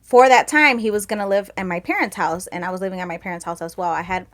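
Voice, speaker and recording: A woman's voice: medium pitch, fast talker, fairly bright tone. A woman co-hosting a podcast who rambles through family stories in casual chat and laughs often. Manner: rambling storyteller, laughs often, acts out relatives' lines. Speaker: podcast co-host.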